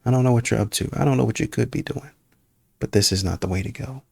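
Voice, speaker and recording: A man's voice: mid-range voice, quick pace, creaky, a little mellow, husky, no room sound, studio quality. A man hosting a reaction channel, commenting casually on a clip and scolding the person in it. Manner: shocked, scolding, laughs in disbelief.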